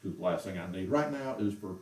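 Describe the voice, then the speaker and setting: A show host with a low, darkish voice talks fast and animatedly, ranting in a heated, exasperated way on a casual livestream from home. The recording has a roomy echo with the mic far off.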